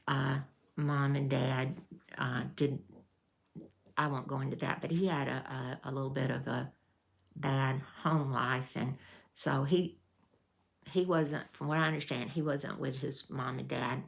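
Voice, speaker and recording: Low-voiced lady rambling thru a story real slow, folksy chat for her vlog. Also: vocal fry. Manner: folksy, meandering with restarts and fillers. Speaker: vlogger. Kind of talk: casual storytelling.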